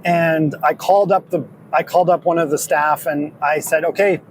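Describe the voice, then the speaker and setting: A man with a slightly high voice speaks flatly at a moderate pace, and the recording is rough. A podcast host and discipleship school leader, he talks earnestly through a story in a rambling, reflective monologue with many restarts, recorded in his truck on a drive amid faint vehicle noise.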